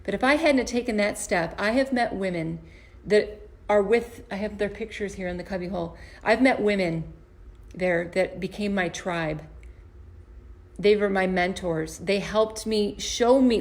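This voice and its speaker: A woman with a medium-pitched voice speaks at a normal pace to camera from a performance space in her home basement. An empowerment coach and comedian, she gives an earnest, story-driven motivational talk, frequently restarting and repeating words.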